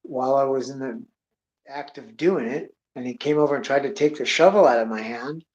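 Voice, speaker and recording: A man's voice: medium pitch, a little fast, darkish tone. A man telling a rambling, profane story in a blunt, heavily swearing way. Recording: dull lo-fi audio.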